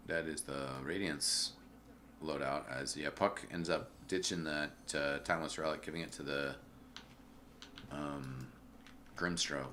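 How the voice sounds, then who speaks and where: A man casually commenting on a video game match as a streamer, chatty and relaxed, full of fillers and greetings to viewers. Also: a bass voice, measured pace, long pauses, a little hiss or hum. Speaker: esports caster and streamer.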